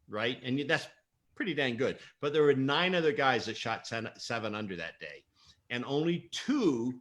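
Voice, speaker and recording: A bright, forward-voiced middle-aged man chatting on a live interview. He tells stories with lots of energy, acts out other people's lines and laughs easily. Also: mid-range voice. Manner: animated storyteller, laughs often, acts out quotes. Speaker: guest, mental performance coach. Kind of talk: casual livestream interview.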